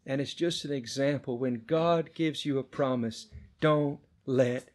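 A middle-aged man preaching a sermon, telling a testimony with passion and swinging between hushed and loud delivery. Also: mid-range voice, a little slow.

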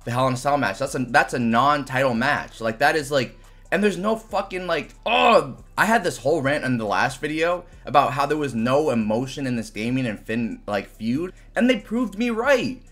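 A man's voice: medium pitch, lively intonation, normal speed, fairly bright tone. A young man giving a casual, frustrated review of a wrestling event, ranting animatedly and swearing often.

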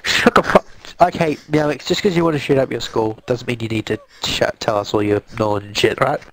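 A man's voice: mid-range voice, brisk, vocal fry, a bit bright, poor audio. A man with an Australian accent, swearing and joking his way through a casual gaming voice chat with friends over a headset mic. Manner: crude, swearing, joking, rambling. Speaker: gamer chatting with friends.

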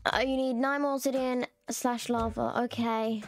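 A woman's voice: fairly high pitch, level tone, normal speed, faint music behind. A woman chatting casually and rambling while she streams a game. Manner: chatty, rambling, self-mocking.

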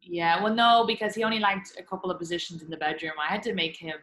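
Bright-voiced woman host in an echoey room. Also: lowish voice, quick pace. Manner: frank, swears freely, laughs along. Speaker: podcast host. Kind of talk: casual chat.

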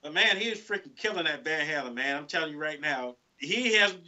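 Fast-talking guy, kinda high voice, says man a lot, dull lo-fi line. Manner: animated, says "man" and "you know what I'm saying" a lot. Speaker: guest guitarist. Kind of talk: casual chat.

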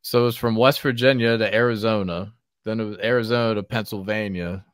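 A man hosting a casual podcast conversation, telling animated stories and laughing often. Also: on the low side, a little fast, no room sound, studio quality. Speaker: podcast host and barber.

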